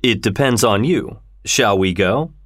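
Unflappable Victorian gentleman, low measured delivery, male narrator. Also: animated, no room sound, clean studio sound. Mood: composed. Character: calm, precise Victorian English gentleman.

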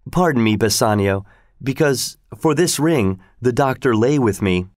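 A man's voice: medium pitch, expressive, unhurried, darkish tone, no room sound, clean studio sound, lightly acted. A man voicing a clever, witty young noblewoman in a storybook reading, lifting his voice to a lighter register for her. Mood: teasing. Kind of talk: storybook read-aloud.

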